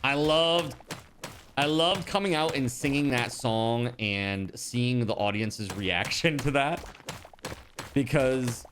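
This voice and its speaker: A man casually chatting to his viewers while he plays a game, animated and rambling, with many fillers and restarts. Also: medium pitch, takes it slowly, a little hiss or hum. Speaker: streamer.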